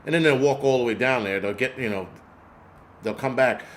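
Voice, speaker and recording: A man's voice: mid-range voice, brisk, a little hiss or hum. A man hosting a casual livestream, rambling through profane stories and answering chat comments. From United States. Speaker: host.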